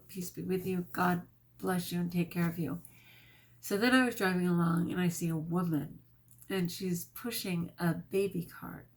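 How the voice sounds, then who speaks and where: Middle-aged woman vlogger, fairly low voice, earnest and prayerful storytelling, emotional. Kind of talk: casual storytelling vlog.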